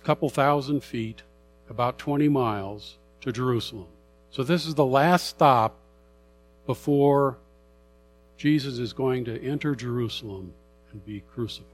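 A middle-aged man preaching a sermon, conversational and animated as he reads and explains scripture. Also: mid-range voice. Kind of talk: sermon Bible teaching.

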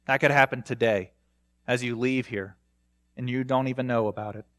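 A man's voice: medium pitch, fairly even intonation, normal speed, a bit bright, no room sound, clean studio sound. A young man preaching a sermon, earnest, often putting direct questions to his listeners. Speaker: pastor.

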